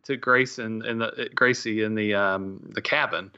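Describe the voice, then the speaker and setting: A man's voice: on the low side, fairly even intonation, unhurried, bright, forceful tone, clean tone. A married man co-hosting a casual podcast, rambling and hesitant with small chuckles. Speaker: podcast co-host. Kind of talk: casual chat. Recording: slightly dull, lo-fi sound.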